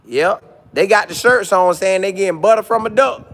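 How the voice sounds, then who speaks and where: This live streamer's voice sits high with some vocal fry, at a normal speed. He chats casually, reading comments and joking in an animated way, repeating lines and doing mock voices.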